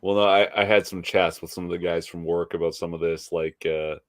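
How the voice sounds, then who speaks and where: A man's voice: low-pitched, fairly even intonation, fairly quick, dry recording. A man co-hosting a casual podcast who builds long, playful comparisons as he talks. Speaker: podcast co-host. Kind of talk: casual chat.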